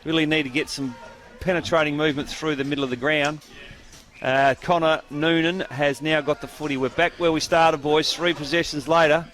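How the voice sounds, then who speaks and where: A man with an Australian accent calling a local football match live, lively and opinionated. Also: fairly high pitch, a little fast. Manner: lively, opinionated, addresses co-hosts as boys. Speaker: football commentator. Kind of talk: live sports commentary.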